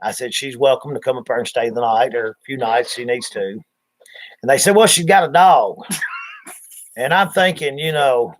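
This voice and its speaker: He's a livestream host swapping folksy, meandering stories and doing the voices himself. The pitch is medium and the pace is moderate.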